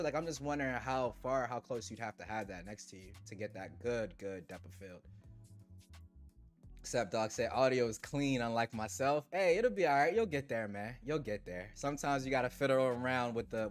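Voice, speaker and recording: A man hosting a tech livestream, chatting casually with viewers in relaxed slang and laughing often. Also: mid-range voice. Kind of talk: casual livestream chat reading super chats.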